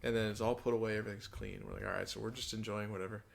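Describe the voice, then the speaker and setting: A man co-hosting a casual podcast, telling animated stories and swearing casually. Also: lowish voice, rapid-fire, creaky, a little hiss or hum. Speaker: podcast co-host.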